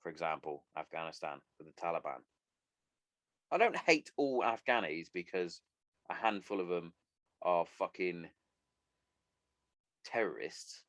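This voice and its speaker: A man's voice: low voice, animated, measured pace, pauses often, a bit bright, dry recording, clean studio sound. Blunt, sweary man ranting. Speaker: podcast host. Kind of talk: solo podcast rant.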